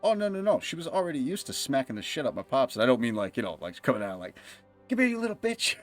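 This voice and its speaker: A man's voice: medium pitch, expressive, rapid-fire, soft background music. A young man livestreaming a game, telling rambling, profane stories and laughing often. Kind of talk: casual chat while gaming.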